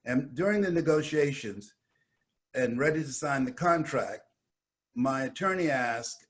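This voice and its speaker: A motivational speaker from Miami telling a family story dramatically, acting out the voices. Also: male voice, medium pitch, a little slow. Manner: animated, acts out voices.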